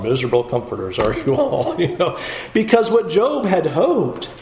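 Earnest, high-voiced male Bible teacher. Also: reverberant, rough recording. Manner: earnest and conversational.

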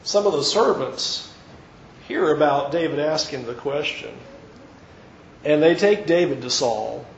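A man preaching, retelling a story with lively, acted-out dialogue. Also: on the high side, a little slow, gravelly, reverberant, dull audio, a little hiss or hum. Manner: animated retelling, acting out quoted characters. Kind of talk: sermon storytelling.

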